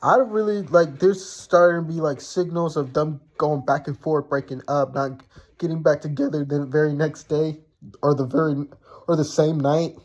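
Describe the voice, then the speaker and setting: A man's voice: a little high, steady tone, moderate pace. A young man casually telling a personal story, blunt and profane, rambling with lots of fillers.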